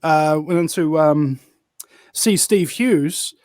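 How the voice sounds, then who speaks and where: A man's voice: fairly high pitch, slow, a little mellow, no echo, clean studio sound. A man from New Zealand with a New Zealand accent, a guest telling stories and ranting in casual political chat, often saying "bro". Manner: ranting, storytelling, peppered with "bro".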